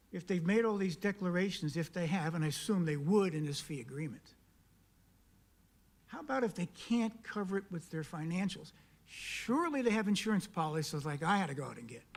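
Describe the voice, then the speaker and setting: A man speaking at a county council meeting, making an emphatic public comment full of pointed questions and repeated key words. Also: sits high. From South Carolina. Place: council chamber.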